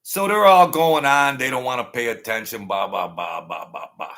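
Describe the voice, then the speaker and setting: Gravelly, tense-voiced talk show host. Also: male voice, mid-range voice, moderate pace, a bit bright. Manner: rambling, repetitive, thanks viewers by name. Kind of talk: live talk show monologue, storytelling. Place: small home studio setup.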